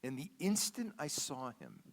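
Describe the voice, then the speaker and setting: This guest preacher speaks at a medium pitch that swoops wildly, at a normal speed. Standing in a church sanctuary, he shares a personal story in a chatty way, repeating himself and often asking "okay?"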